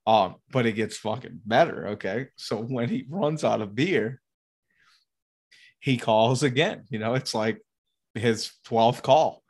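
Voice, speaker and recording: A man with a middle-pitched voice spins a rowdy anecdote in loose, casual chat. He swears freely and throws himself into the telling, jumping into higher, frantic voices when he acts out other people. The delivery is loose and conversational. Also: slow, breathy edge. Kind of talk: casual profane storytelling.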